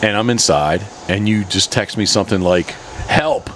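A man's voice: sits low, fairly quick, a bit bright, a little hiss or hum. A man co-hosting a podcast, chiming in with asides and wry remarks in casual chat. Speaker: podcast co-host.

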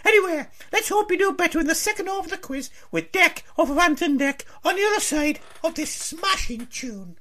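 A man plays a chipper male TV presenter running a radio quiz, chirpy and teasing. The voice sits very high, far above a normal man's talk. It is a comedy radio sketch with quick, bouncy hosting. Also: expressive, bright, forceful tone, heavily acted. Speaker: quiz show host.

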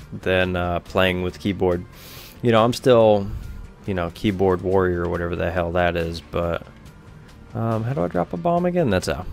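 Man, low-pitched, gravelly fry, offhand rambling let's-play commentary, faint music behind. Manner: rambling, offhand, swears casually. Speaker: gameplay commentator.

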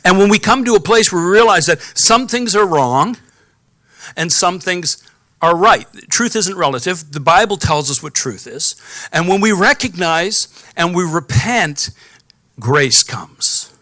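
Bright-voiced man preaching a sermon. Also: sits high, animated, a little slow, dry recording, clean studio sound. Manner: calls out to the congregation for responses. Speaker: pastor. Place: church sanctuary.

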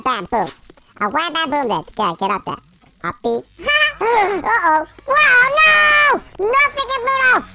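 A gamer doing let's play commentary through a chipmunk pitch-shift, goofy and excitable, with silly sound effects and nonsense chatter. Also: creaky, slight background noise.

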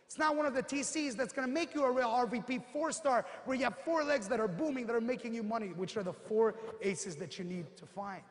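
A man giving an animated motivational seminar talk, telling stories and acting out the people in them. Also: extremely high pitch, brisk, hardly any pauses, big-room sound. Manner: animated storyteller, acts out quotes, punchy asides. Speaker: motivational speaker.

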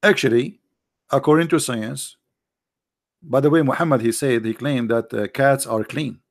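A man's voice: mid-range voice, moderate pace. A man giving sarcastic, argumentative commentary in broken English grammar. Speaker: religious debater. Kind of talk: mocking commentary.

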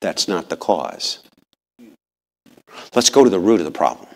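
A man preaching a lively sermon in a church. His pitch swings widely, rising high when he presses a point and dropping low and quiet at others. He talks folksy and direct, questioning the congregation. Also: measured pace. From rural upbringing. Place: church sanctuary.

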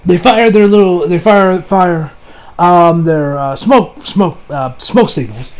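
A man giving a casual anime episode review, excitable and swearing, recapping scenes with mock quotes. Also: high-pitched, takes it slowly, poor audio.

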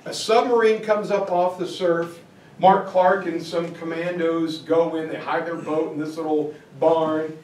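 A man giving a history lecture to a class, telling it as a lively, joking story. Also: a little high, a little slow, slight background noise. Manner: animated, joking storytelling with acted-out voices. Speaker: teacher. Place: lecture room. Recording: roomy, from far off.

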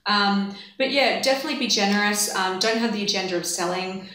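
Woman, interview guest, relaxed and chatty, easy laugh, strongly echoing room. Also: mid-range voice, brisk. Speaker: interview guest, marketing adviser. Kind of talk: casual interview chat. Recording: echoey room.

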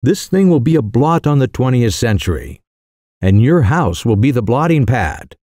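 A man voicing a sly young mischief-maker who delivers outrageous news in a calm, careless, mock-serious way. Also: medium pitch, moderate pace, dry recording, studio quality, close to an everyday voice. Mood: cool, mock-grave.

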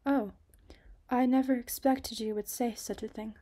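A woman's voice: fairly high pitch, fairly even intonation, a little slow, dark tone, pitched above the performer's own voice. A woman voicing Marietta, a sweet, shy fifteen-year-old girl, in a read-aloud story.

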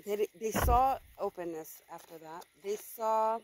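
A woman's voice: medium pitch, measured pace, darkish tone, low-quality recording. Blunt, emphatic woman reading tarot. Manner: blunt, emphatic, swears freely. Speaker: tarot reader. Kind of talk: casual tarot reading to camera.

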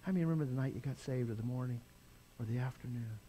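An older man preaching a sermon as pastor, impassioned, swinging from loud cries to quiet intensity. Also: mid-range voice, racing, a little hiss or hum.

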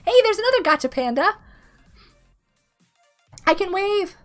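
A woman in her thirties, sick with a rough throat, chatting casually and giggling as she greets viewers during a game stream. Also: extremely high pitch, lively intonation, unhurried. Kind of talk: casual live-stream chat while gaming. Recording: faint music behind the voice.

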